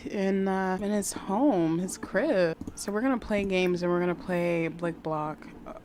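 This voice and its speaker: A woman commenting casually on a life-simulation game, chatty and excitable, often laughing and doing quick voices. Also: lowish voice, a little hiss or hum. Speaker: gaming vlogger. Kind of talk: casual let's-play commentary. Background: background music.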